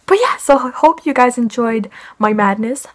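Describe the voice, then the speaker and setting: A woman's voice: fairly high pitch, moderate pace. A young woman from Quebec telling an annoyed storytime vlog, rambling with many fillers. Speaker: family vlogger.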